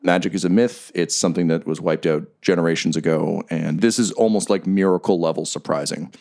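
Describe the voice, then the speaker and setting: A man runs a tabletop game, laying out scenes and lore in a relaxed, chatty way. His voice sits very low. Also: a little fast, gravelly. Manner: casual, describing scenes at length. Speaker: game master.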